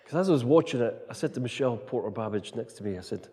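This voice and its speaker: A middle-aged man preaching a storytelling sermon, animated, tagging his sentences with "right?". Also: medium pitch, quick pace. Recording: long reverb of a large hall.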